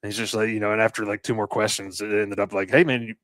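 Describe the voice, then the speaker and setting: A man with a lowish voice tells a long story in a loose podcast chat. He rambles along with fillers and restarts and swears casually. The recording is dry and close. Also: completely flat delivery, quick pace, a bit bright, dry recording. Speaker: podcast co-host and landscaping business owner.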